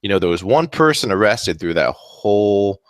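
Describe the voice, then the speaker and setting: Low-voiced guy co-hosting, dry close sound, keeps saying you know. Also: sing-song, moderate pace, no echo. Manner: loose, filler-heavy, lots of "you know". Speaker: co-host. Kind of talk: casual opinion talk show.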